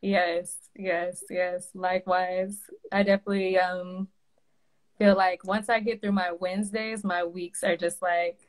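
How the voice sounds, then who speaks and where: A woman's voice: lowish voice, flat delivery, unhurried. A woman in her twenties, a graduate student hosting a casual live video interview, friendly and full of fillers.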